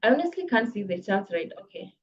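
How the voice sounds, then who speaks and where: A woman coaching public speaking in a live online workshop, brisk and encouraging, reading viewers' comments aloud. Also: mid-range voice, big pitch swings, dull audio. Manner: brisk, encouraging, reads chat comments aloud, laughs often. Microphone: video call.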